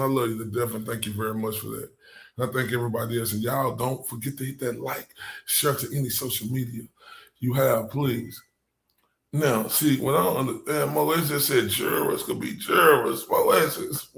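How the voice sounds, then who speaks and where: A man's voice: medium pitch, normal speed, creaky, fairly bright tone. A man hosting a live reaction stream, talking bluntly and profanely, mocking what he hears and talking to his chat.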